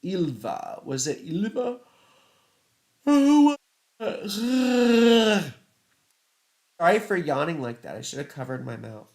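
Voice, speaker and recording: A man's voice: mid-range voice, lively intonation, moderate pace, gravelly, few pauses. A man hosting a casual live-stream of astrology chart readings, chatty and rambling, filling his talk with "you know" and "right". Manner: reads viewer comments aloud and laughs at own slips. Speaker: astrologer host.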